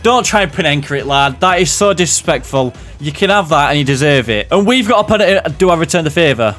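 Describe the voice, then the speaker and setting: A young man commentating on a football video game he is playing, jumping between loud outbursts and low muttered asides. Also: animated, quick pace, faint music behind. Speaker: gaming commentator.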